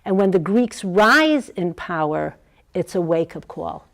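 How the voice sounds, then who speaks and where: A woman's voice: on the low side, lively intonation, measured pace, fairly bright tone, rough recording. A woman giving a Torah lecture to a class, asking the room questions and weaving in Hebrew terms. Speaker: Torah teacher.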